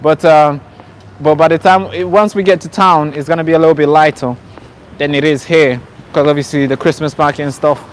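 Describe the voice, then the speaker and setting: A man's voice: a little high, steady tone, brisk, slight background noise. Chatty man live-streaming from a night street. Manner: chatty, restarts often, addresses viewers directly. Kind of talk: casual live-stream talk to viewers. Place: outdoors on a city street at night.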